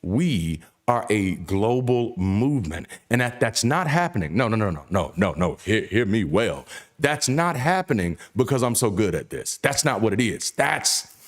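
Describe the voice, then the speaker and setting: A man, a baritone voice and a preacher's cadence, delivering an emphatic, profane, repetitive monologue as the show's host. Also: big pitch swings, moderate pace.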